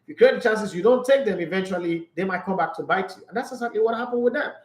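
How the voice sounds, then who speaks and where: A man's voice: high voice, fast, roomy sound, low-quality recording. A Nigerian man hosting a sports talk show, giving blunt, emphatic opinions in casual commentary.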